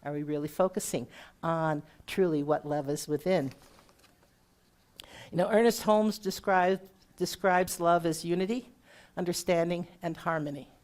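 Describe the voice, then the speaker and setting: A woman's voice: on the low side, a little slow, pauses often. A middle-aged woman giving a conversational sermon as a guest minister, asking the congregation questions as she goes. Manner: warm conversational preaching with audience questions.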